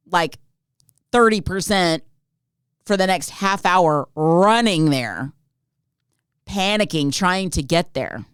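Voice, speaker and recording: Exasperated woman ranting, low and lively. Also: slow, long pauses, clear, resonant tone, no echo, clean studio sound. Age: adult, not Gen Z. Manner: exasperated, animated ranting with rhetorical questions. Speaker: podcast host. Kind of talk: comedic storytelling monologue.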